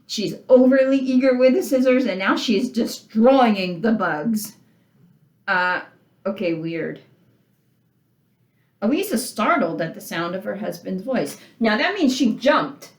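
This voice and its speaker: Brief: woman lecturer, lively pitch, questioning tone, roomy echo. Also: takes it slowly. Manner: animated, talks to listeners with questions, reads passages aloud. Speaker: literature teacher. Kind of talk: lecture reading and discussing a story.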